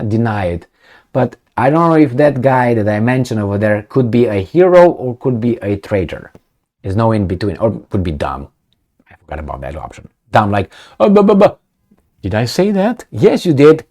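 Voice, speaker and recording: A man's voice: lowish voice, animated, fairly quick, darkish tone. A man in casual commentary, reading news aloud and joking sarcastically. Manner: sarcastic and joking, laughs often. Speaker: political commentary vlogger.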